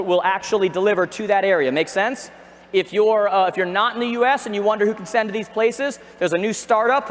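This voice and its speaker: A man giving an energetic seminar talk on a stage, asking the audience questions and joking with them. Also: high voice. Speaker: real estate trainer. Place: large arena. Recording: echoey arena with long reverb.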